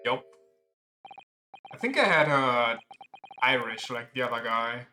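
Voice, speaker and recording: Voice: medium pitch, expressive, takes it slowly, sharp tone, slight background noise. A streamer making casual, playful commentary while playing a game, joking between lines. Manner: playful, chatty asides, laughing at own voices.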